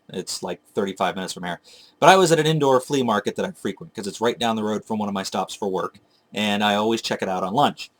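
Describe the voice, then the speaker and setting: Rambling, chatty man vlogging. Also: medium pitch. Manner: chatty, digressive, self-correcting. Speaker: retro game collector vlogger. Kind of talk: casual rambling storytelling to camera.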